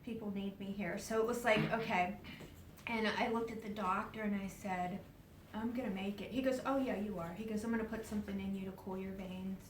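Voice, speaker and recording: A woman's voice: mid-range voice, brisk, slight background noise. Woman telling a story in an echoey hall. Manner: animated, acts out quoted voices, drops to hushed whispers; laughs often while talking. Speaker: speaker at a spiritual event. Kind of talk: personal storytelling to a live audience. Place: event hall. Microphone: distant camera mic. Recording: roomy, distant live event recording.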